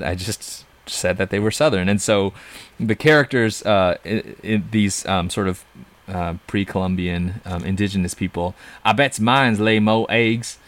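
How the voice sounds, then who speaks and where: A man giving a casual spoken book review, thoughtful and digressive, often breaking into chuckles. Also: low-pitched. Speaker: comics reviewer.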